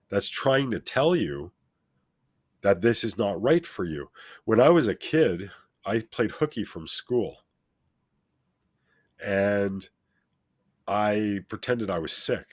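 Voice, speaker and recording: Low-voiced man, earnest and emphatic. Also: husky, no room sound. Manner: emphatic, repeats phrases for effect. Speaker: guest. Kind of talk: earnest motivational storytelling.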